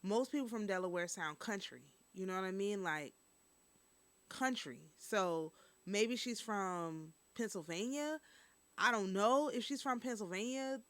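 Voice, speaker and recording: A woman's voice: medium pitch, a little slow, fairly bright tone, no room sound. A woman hosting a casual news and review stream, chatting straight to her viewers.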